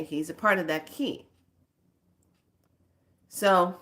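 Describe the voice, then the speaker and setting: Slow, low-voiced woman telling a story. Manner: slow, drawn-out storytelling with filler phrases. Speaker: spiritual teacher. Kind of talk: casual storytelling monologue.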